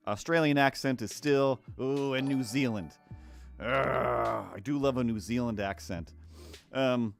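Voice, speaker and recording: A man's voice: medium pitch, measured pace, vocal fry, faint music behind. A Canadian man rambling casually on a live stream while he draws, self-mocking and full of fillers and restarts. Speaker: streamer and cartoonist.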